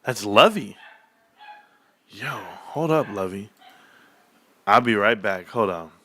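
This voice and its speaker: Man, middle-aged, livestream host, casual slangy storytelling, animated pitch, bright tone. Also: takes it slowly. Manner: rambling storyteller, slangy, laughs often.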